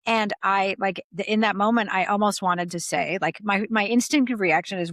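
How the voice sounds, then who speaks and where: A woman leadership consultant speaking as a guest in a podcast interview, calm and reflective, sometimes acting out quoted reactions. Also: mid-range voice, moderate pace, no echo.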